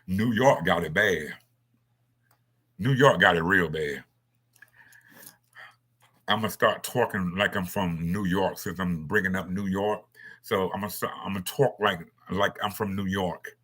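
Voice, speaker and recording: A man with a bright, slightly husky voice, speaking off the cuff in a casual monologue. He rambles from point to point, blunt and quick to swear. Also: deep voice.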